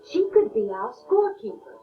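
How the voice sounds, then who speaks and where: A woman's voice: fairly high pitch, big pitch swings, normal speed, phone-quality sound. A woman voicing a young boy on a ball team making a friendly suggestion. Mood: suggesting.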